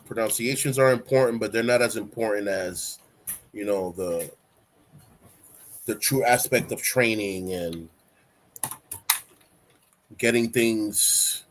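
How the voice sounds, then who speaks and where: Hosting a casual livestream talk show, a man talks loosely and instructively, like a coach, leaning heavily on "you know." He's relaxed and rambling, with a fairly low pitch, a slow pace, and long pauses over a little hiss or hum.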